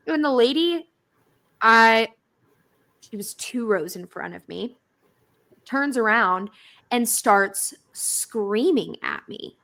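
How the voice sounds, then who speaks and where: A young woman, co-hosting a podcast and telling stories in a blunt, animated way. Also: on the high side, measured pace. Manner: animated storytelling, swearing, blunt. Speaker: podcast co-host. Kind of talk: casual chat.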